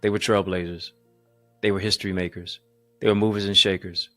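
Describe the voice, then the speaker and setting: A male motivational speaker delivering a preaching-style speech, emphatic and rhythmic with lots of repetition, swinging between booming lines and hushed ones, calling his listeners family. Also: flat delivery, a little fast, no echo, soft background music. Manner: addresses live viewers as family.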